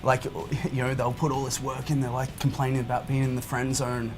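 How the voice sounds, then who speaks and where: A man's voice: mid-range voice, monotone. Rambling man with music underneath. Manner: rambling, halting, many restarts. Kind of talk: casual panel chat.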